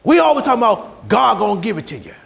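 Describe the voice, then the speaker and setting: High-voiced, lively preaching pastor. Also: male voice, quick pace, gravelly. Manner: animated storytelling, rising to shouts. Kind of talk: sermon.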